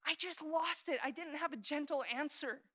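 A woman pastor in her thirties preaching a sermon in an earnest, confessional way, dropping to hushed prayer and then rising into animated emphasis. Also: high voice, normal speed.

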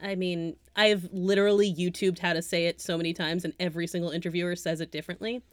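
A woman with a lowish voice chats casually about movies as a podcast co-host. She gets animated and breaks into laughter mid-sentence. The sound is close and dry, with no room around her. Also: fast talker, no room sound. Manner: animated, laughing, trailing off into asides. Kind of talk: casual film chat.

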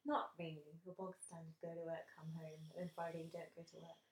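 Fast-talking teasing young woman. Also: low voice, flat delivery. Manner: teasing, quick banter. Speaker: podcast co-host. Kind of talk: casual chat. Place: home room. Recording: echoey home room, faint noise.

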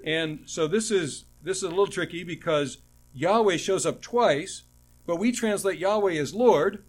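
A male preacher with a slightly raised pitch delivers an expository sermon. His teaching tone is earnest, and he often stumbles into repeating words. He slows right down to lean on each quoted verse.

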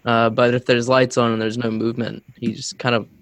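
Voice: medium pitch, flat delivery, a little fast, no room sound. A player in a tabletop game, describing his character's actions in a rambling way full of fillers. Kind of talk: casual tabletop game play.

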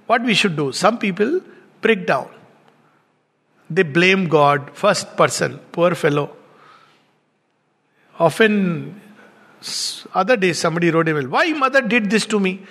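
A man's voice: sits high, lively intonation, measured pace, pauses often, fairly bright tone. A man gives a reflective spiritual discourse as a teacher, telling stories and laughing often. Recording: long hall reverb.

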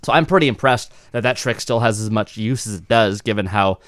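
Smooth-voiced man chatting animatedly. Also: on the low side, a little fast, dry recording, studio quality. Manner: animated, breaks into mocking impressions. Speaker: podcast co-host. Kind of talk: casual chat.

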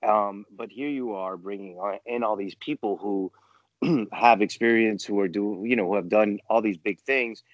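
A man hosting an interview, talking casually and enthusiastically, praising his guest with halting starts and fillers. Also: on the low side, no echo, muffled recording. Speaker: podcast host.

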